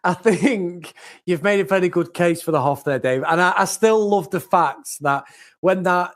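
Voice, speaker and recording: A young British man co-hosting a podcast, animated and laughing often as he chats. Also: sits high, moderate pace. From Britain. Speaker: podcast co-host. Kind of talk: casual chat.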